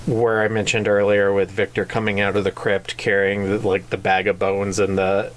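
A podcast co-host in casual book club chat, animated and jokey, given to silly voices. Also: deep voice, normal speed, a little hiss or hum.

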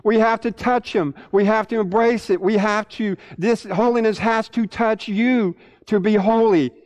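A man pastor preaching a sermon to his church, animated, repeating words and swinging between loud and hushed. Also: sits high, moderate pace, poor audio.

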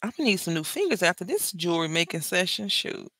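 A middle-aged woman talks at a quick pace in a lowish, slightly rough voice while she makes jewelry for her video. She's a chatty storyteller, animated and full of jokes, and the recording is dry.

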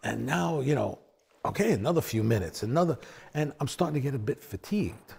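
A man, a bassist, telling stories in a sit-down conversation, acting out quotes with big swings in his voice. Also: fairly quick, gravelly, husky. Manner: animated storyteller, acts out quotes with big pitch swings.

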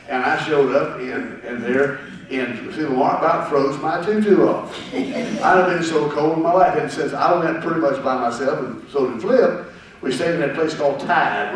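A man telling a funny story to a live group, plain-spoken and wry, complaining about the cold for laughs. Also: fairly high pitch. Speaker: fellow caller speaking from the floor. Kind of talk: humorous anecdote to a live group. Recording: echoey room, voice from far off the mic, faint noise.

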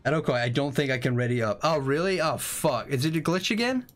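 A young man hosting a live game stream, chatting casually, excitable and swearing freely with rambling restarts. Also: fairly high pitch, quick pace.

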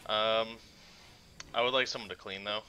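A man commenting on his gameplay in a very bright, sharp voice. He mutters under his breath much of the time and shouts when something happens. Faint hiss sits behind his microphone. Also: fairly low pitch, normal speed. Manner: muttering to himself, then loud excited outbursts. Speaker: gaming channel host. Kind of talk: casual let's-play commentary.

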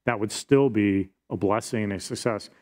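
A man's voice: on the low side, moderate pace. A pastor, a middle-aged man, preaching a sermon and reading scripture aloud in an earnest, explanatory way.

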